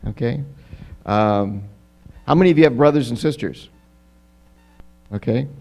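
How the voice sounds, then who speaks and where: A pastor giving a children's story in a church. He is lively and keeps asking the children questions. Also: mid-range voice, measured pace, gravelly. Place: church sanctuary.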